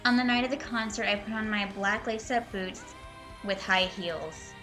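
A woman's voice: mid-range voice, moderate pace, bright, forceful tone, faint music behind. A woman reading a fanfiction aloud and breaking off into sarcastic, profane commentary. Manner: sarcastic, profane, exasperated asides. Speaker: reader and commentator.

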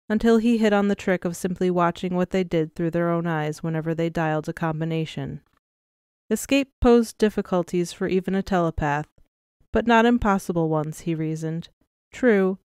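A woman narrating a science fiction story in an even, measured reading style. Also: fairly low pitch, smooth, no echo, studio quality. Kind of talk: scripted audiobook narration.

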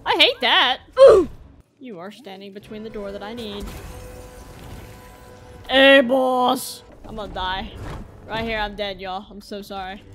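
A woman's voice: medium pitch, lively intonation, a little slow, long pauses, fairly bright tone, faint music behind. A woman giving jumpy, exclaiming commentary as she plays a video game and talks back to it. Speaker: gameplay streamer. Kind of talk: let's play commentary.

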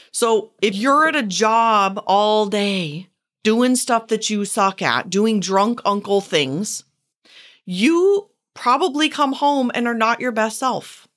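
A woman hosting a solo podcast as a former therapist, talking casually and emphatically, swinging between punchy loud bursts and slow quiet stresses. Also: medium pitch.

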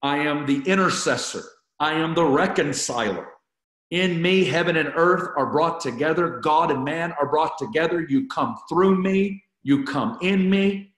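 A man's voice: fairly high pitch, unhurried, a bit bright, echoey room. A man leading an online Bible study, teaching with fervor and repeating key phrases for emphasis as he talks to viewers.

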